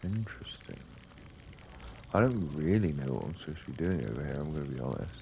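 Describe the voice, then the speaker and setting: A man giving casual let's-play commentary, quick to anger and swearing freely as he plays. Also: rumbling low, creaky, background noise. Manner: swears freely, easily angered, animated reactions. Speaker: gaming YouTuber.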